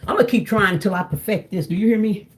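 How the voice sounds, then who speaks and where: A woman's voice: mid-range voice, fast. Chatty woman cooking for viewers. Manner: chatty, talks straight to viewers, calls them "y'all". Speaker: cooking vlogger. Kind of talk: casual cooking vlog chat.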